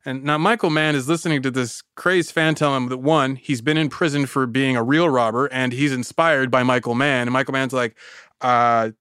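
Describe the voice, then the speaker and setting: A man hosting a podcast, telling a story in a casual, animated way with frequent laughs and lots of "like". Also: mid-range voice, a little fast, few pauses, clear, resonant tone, dry recording, studio quality. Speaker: podcast host.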